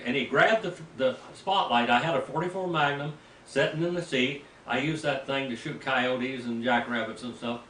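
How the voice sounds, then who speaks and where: An older male pastor spins a folksy story from the pulpit, his voice jumping into loud outbursts. He stands away from the mic in a roomy space, with a faint hum of noise behind him. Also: mid-range voice, normal speed, distant mic. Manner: folksy, animated storytelling with sudden loud bursts. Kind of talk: storytelling sermon. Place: mission field, preaching to a group.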